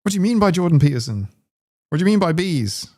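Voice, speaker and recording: A man's voice: high voice, big pitch swings, quick pace, a little mellow, voice pushed up. A man putting on an impression of a combative male public intellectual, firing indignant questions.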